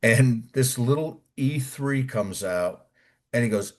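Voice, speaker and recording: A retired Army Ranger, a middle-aged American man, tells basic training stories as an interview guest, swearing freely and acting out what others said. His mid-range voice is very animated at a normal pace, and the storytelling is colorful and casual.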